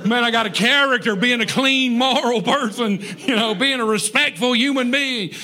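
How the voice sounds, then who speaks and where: A man delivers a sermon in a high, bright voice. He talks in a folksy, conversational way and drops joking asides to his congregation. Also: normal speed. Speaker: preacher. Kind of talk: sermon on parenting.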